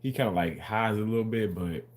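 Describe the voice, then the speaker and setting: A man's voice: on the low side, brisk. A man hosting a casual livestream, rambling and repeating himself as he answers and argues with viewers in the chat.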